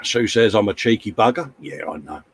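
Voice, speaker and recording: A middle-aged man hosting a casual live stream chat, reading out viewer comments in a matey, gently scolding way. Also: lowish voice, expressive, a little fast, gravelly, slight background noise.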